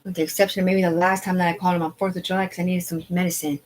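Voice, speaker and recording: A woman ranting on a live stream, agitated and profane, rambling in disjointed bursts that sink to quiet mumbling. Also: on the low side, level tone, very fast, slight background noise, rough recording. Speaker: livestreamer. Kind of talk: unscripted live stream rant.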